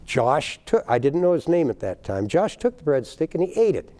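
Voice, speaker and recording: Animated older man telling a folksy story. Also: on the high side, normal speed. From United States. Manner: animated folksy storyteller, voices the people in his tales. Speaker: guest, baker. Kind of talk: storytelling in a TV interview.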